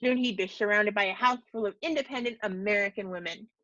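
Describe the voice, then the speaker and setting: A woman teacher reads a short story aloud to her class in a steady, measured way, now and then stepping out to explain. Her voice is mid-pitched, and the sound is dull and dry, as from a home microphone. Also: no room sound. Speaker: teacher reading to students. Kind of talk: storybook reading with asides.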